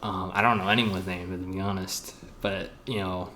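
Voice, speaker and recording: A young man hosting a casual podcast chat, rambling and excitable, full of fillers and restarts. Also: deep voice, normal speed, slight background noise. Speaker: podcast host.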